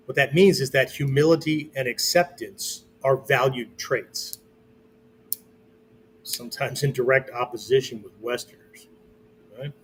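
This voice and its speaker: A man's voice: mid-range voice, a little hiss or hum. A male martial arts instructor giving a whiteboard lesson in a loose, conversational way, checking in with his listeners after nearly every phrase. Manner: checks in constantly with "okay?" and "right?"; loose, conversational explaining with fillers. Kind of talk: whiteboard teaching talk.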